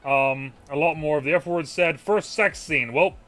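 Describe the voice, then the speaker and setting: A man's voice: fairly high pitch, normal speed, a bit bright. A man hosting a casual movie review podcast, rambling through a recap with lots of ums and acted-out quotes. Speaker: podcast host.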